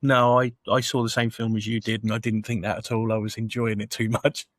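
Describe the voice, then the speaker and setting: A man's voice: lowish voice, flat delivery, a little fast, no echo. Easygoing man chatting about a film. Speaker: podcast co-host. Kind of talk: casual film review chat.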